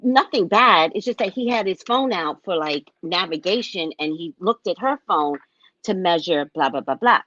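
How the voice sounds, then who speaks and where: A woman hosting her show, casually telling a funny travel story, animated and acting out what people said, often asking "right?". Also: on the low side, moderate pace, dry recording, highs cut off. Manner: animated, acts out other people's lines; frequent tag question "right?". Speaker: show host and psychic reader.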